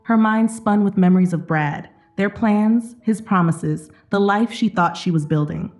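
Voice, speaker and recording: A woman narrating an emotional story in a steady, dramatic scripted reading. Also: mid-range voice, a little slow.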